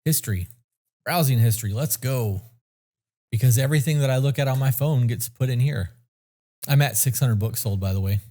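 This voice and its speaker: A man's voice: medium pitch, brisk, warm tone. A man co-hosting a podcast in casual chat, blunt and rambling, swearing freely. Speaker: podcast co-host.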